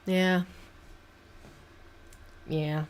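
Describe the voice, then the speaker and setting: A young woman with a Southern US accent, chatting casually on a livestream in a halting, rambling way with many restarts. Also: fairly low pitch, flat delivery. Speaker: livestream host. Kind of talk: casual chat while painting on stream.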